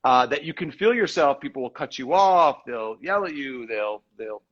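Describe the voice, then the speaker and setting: A tired man muses and rambles in a casual live video chat. His voice sits in a middling pitch and comes through slightly dull call audio. He pokes fun at himself as he talks. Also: animated, normal speed, fairly bright tone. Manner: reflective, rambling, self-deprecating. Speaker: actor and director, guest.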